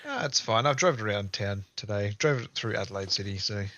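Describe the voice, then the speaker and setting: Bright-voiced laid-back Australian man. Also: lowish voice, brisk, dry recording, dull audio. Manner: laid-back, dry jokes, chuckles mid-sentence. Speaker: podcast co-host. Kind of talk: casual chat.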